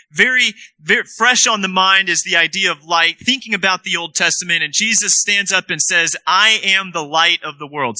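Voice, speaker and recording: A man preaching a sermon, emphatic, slowing right down to stress key words. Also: sits high, bright, forceful tone, no echo, low-quality recording.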